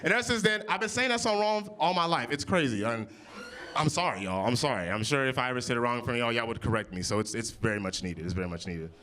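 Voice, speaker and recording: A man in his early thirties doing improvised stand-up comedy on audience topics, with big jumps in pitch when he quotes people. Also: fast. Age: 30s. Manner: animated, jumps high for quoted voices. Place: comedy club stage. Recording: live venue with audience.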